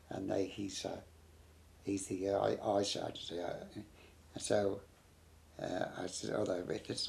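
A man's voice: fairly low pitch, gravelly, a little mellow. An older man with a New Zealand accent tells a blunt, rambling war recollection, swearing freely as he goes. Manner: blunt, rambling, peppered with "bloody". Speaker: war veteran. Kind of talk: oral history recollection.

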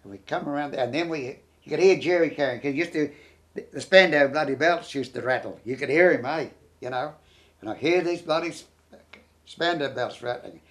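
A man's voice: fairly high pitch, fairly quick. Blunt older New Zealand man. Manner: blunt, rambling, peppered with "bloody". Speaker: war veteran. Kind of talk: oral history recollection.

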